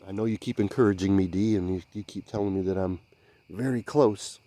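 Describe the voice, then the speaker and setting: A man investigating the woods by a swamp at night, speaking in a hushed, halting, searching way and sometimes calling out loudly. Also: lowish voice, no room sound. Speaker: field investigator. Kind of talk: night field investigation commentary.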